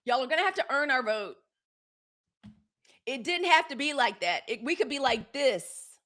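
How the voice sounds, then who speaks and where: A woman's voice: sits high, expressive, moderate pace, a bit bright. A woman hosting a live news show, talking casually and bluntly to her chat viewers, with frequent profanity. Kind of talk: casual live-stream commentary.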